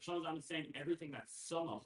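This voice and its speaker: Fast-talking student, distant and roomy. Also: male voice, on the high side, slight background noise. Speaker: student in the class. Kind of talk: class discussion.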